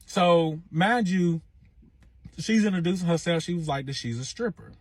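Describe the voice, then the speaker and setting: A young man tells a wild personal story in a husky, breathy voice, with a dry, close sound. He swears freely and keeps checking in with his listener as he goes. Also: high voice, moderate pace, no echo. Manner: animated, profane, says 'you know what I'm saying' a lot. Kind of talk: casual storytime monologue.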